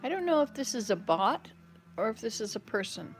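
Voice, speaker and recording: Chatty woman, somewhat high voice. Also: big pitch swings, brisk, faint music behind. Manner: chatty, rambling, answers comments aloud. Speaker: live stream host. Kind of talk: casual chat with viewers. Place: home kitchen.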